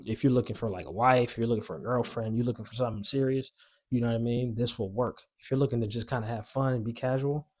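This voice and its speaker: A man talks straight to his viewers in a relaxed vlog and coaches them in a direct, confident way. His voice sits in an ordinary middle pitch, and he hammers his main points home by repeating them. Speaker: vlogger giving dating advice. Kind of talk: casual straight-to-camera advice.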